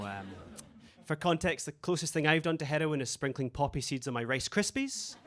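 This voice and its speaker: A man's voice: fairly high pitch, brisk, fairly bright tone. A man from Dundee doing a stand-up set in a club basement, with a dry, self-mocking delivery full of tag questions. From Dundee, Scotland. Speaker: stand-up comedian. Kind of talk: stand-up routine.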